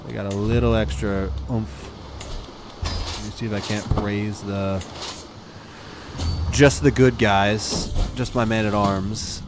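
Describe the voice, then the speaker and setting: A young man casually commenting on his own strategy game, muttering to himself and flaring up to yell at his units. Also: fairly low pitch, steady tone, slow, pauses often, background noise. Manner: talks to himself, flares up yelling at his units. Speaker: streamer playing a strategy game. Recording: game music underneath. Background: game music.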